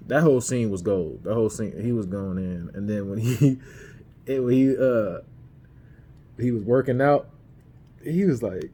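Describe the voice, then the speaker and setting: A man with a low, mellow voice talks loosely through his movie picks in slangy street talk. He laughs as he retells his favorite scenes to the camera. Behind him there is a faint hiss of background noise. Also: measured pace, long pauses. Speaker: podcast host reviewing movies. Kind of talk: casual movie ranking chat. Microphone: camera mic.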